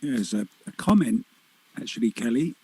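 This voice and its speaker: A man's voice: mid-range voice, very animated, normal speed, creaky, a little mellow, husky. A man doing casual live-stream commentary on pool, joking and teasing while reading viewer comments.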